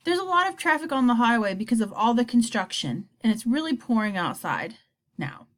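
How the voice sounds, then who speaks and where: A woman voicing a kind old woman who works the front desk of a school, speaking lower and softer than her own reading voice, gentle and reassuring. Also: sing-song, fairly quick.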